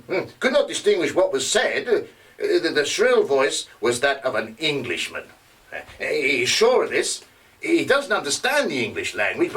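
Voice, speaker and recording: An actor playing a male investigator who reports witness testimony in a live stage drama, often pausing with hesitations. He is recorded from a distance. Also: fairly high pitch, fairly bright tone. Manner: halting, with frequent hesitations. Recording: distant mic.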